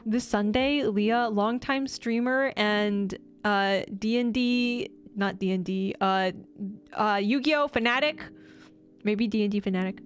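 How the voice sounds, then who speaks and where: A young woman streamer chatting casually with her viewers, bubbly and excitable, often giggling. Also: on the high side, measured pace, soft background music. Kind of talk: casual live-stream chat.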